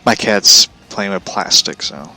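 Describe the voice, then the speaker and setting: A man's voice: fairly low pitch, measured pace, pushed and bright. A man hosting his show from home, telling a story as a profane, aggravated rant. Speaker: show host. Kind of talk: ranting storytelling.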